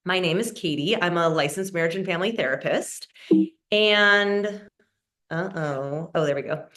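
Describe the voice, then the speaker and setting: A woman's voice: fairly low pitch, normal speed, fairly bright tone. A woman from Oregon, a family therapist, speaking in a friendly, earnest and conversational way over a video call, with frequent "like" and "um" and some restarts. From Oregon, USA. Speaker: guest speaker, licensed marriage and family therapist. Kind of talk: conversational webinar presentation.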